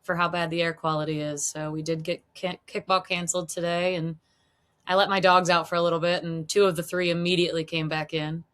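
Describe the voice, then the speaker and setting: A woman co-hosting a casual podcast chat, easygoing and agreeable, often chiming in with a quick "yeah.". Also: lowish voice, level tone, fairly bright tone. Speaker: co-host.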